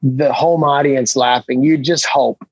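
A Canadian man telling comic stories in a casual chat, acting out what people said with big jumps in pitch. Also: a little slow, slightly rough, dry recording, lo-fi sound. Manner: animated storyteller, acts out quotes with big jumps in pitch. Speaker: comedian guest.

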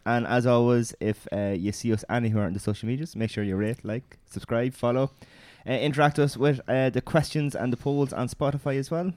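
A man's voice: medium pitch, steady tone, a little fast, few pauses, a little mellow, no room sound. Irish man, hesitant casual host. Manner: hesitant, many fillers and restarts. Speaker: podcast co-host. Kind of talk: casual chat.

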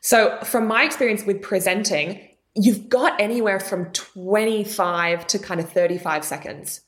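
Speaking unhurriedly, this young adult guest coach stays animated and expressive in her podcast interview, moving her pitch around to emphasize points.

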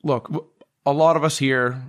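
A man's voice: medium pitch, steady tone, normal speed, a bit bright, close to an everyday voice. A man voicing a lovesick adventurer who pleads earnestly for news of someone dear. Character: lovesick adventurer searching for a loved one.

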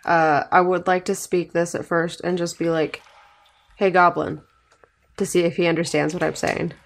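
A woman at a tabletop game who talks in a blunt, matter-of-fact way. Her voice is on the lower side, with some gravel and fry. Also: level tone, a little fast. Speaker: player. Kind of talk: casual tabletop game play.

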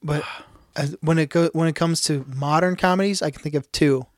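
Relaxed male podcast co-host with a slightly high voice, easygoing, swears casually. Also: fairly quick, no echo, studio quality. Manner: laid-back, profane, laughing often. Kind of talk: casual chat.

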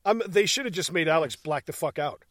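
A man's voice: fairly high pitch, expressive, a little fast, fairly bright tone, dry recording, clean studio sound. A man co-hosting a casual movie podcast, recapping scenes with swearing and laughter. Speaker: podcast co-host. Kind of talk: casual movie commentary chat.

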